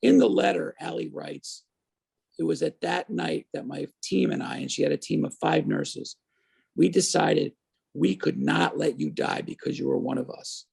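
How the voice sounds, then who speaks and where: Telling his story with liveliness on an interview show, a man in his fifties mimics the voices of those he quotes. His voice sits on the high side, creaky with a breathy edge, at an ordinary speed.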